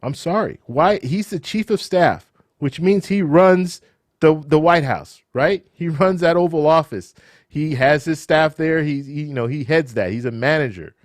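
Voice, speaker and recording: A man hosting a live show, who says he is losing his voice. He talks in a casual, animated way, with rhetorical questions, repeated words and restarts. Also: a little high, measured pace, no room sound, clean studio sound. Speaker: livestream host. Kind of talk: casual live commentary and chat Q&A.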